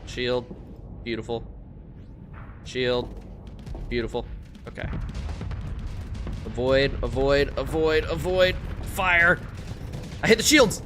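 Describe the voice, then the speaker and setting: A man streaming a space game, talking casually over his play, swearing a lot and getting loudly frustrated. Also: medium pitch, slow, long pauses, over music. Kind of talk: casual live-stream gameplay commentary.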